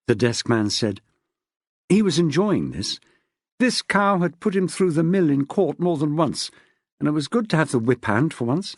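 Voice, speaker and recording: Expressive woman audiobook narrator. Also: deep voice, normal speed, husky, dry recording, clean studio sound. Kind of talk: scripted narration.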